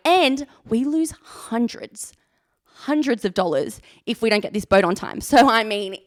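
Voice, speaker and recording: A woman's voice: fairly high pitch, animated, normal speed, a bit bright, dry recording, clean studio sound. A young woman, a youth leader, telling a chatty, self-mocking story on a live stream, full of "like".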